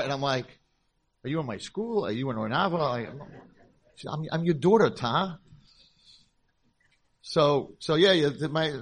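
Husky-voiced rabbi telling stories. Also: male voice, medium pitch. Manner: animated storyteller, acts out voices. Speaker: rabbi and school founder. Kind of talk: conference talk with storytelling.

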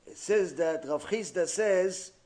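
A rabbi giving a Torah lecture, animated and acting out the quotes he tells. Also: high-pitched, slow pace. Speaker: rabbi teaching.

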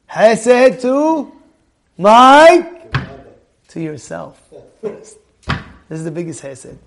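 High-voiced rabbi teaching casually. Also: male voice, very animated, extremely slow, gravelly. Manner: conversational, tells stories, quizzes the audience by name. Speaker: rabbi teaching a Torah class. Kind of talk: informal Torah lecture.

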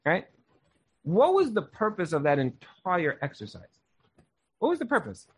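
Young man, slightly high voice, earnest casual Torah teacher, conversational class talk. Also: wildly swooping pitch, a little slow, husky. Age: young adult. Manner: earnest, casual, often says "like".

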